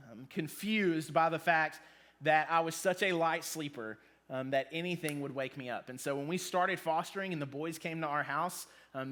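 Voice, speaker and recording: A man's voice: fairly high pitch, bright, forceful tone. A man in his thirties giving a casual youth sermon, joking and saying um a lot. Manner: casual, joking, with many ums. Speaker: youth pastor. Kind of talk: sermon to students.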